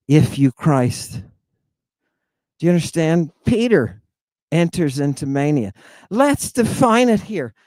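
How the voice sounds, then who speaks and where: Lively, slow-paced livestream lecturer. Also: medium pitch, no echo. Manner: emphatic, with frequent rhetorical "right?" checks; provocative and blunt, with exclamations. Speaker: lecturer and host. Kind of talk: livestreamed lecture on ancient Greek.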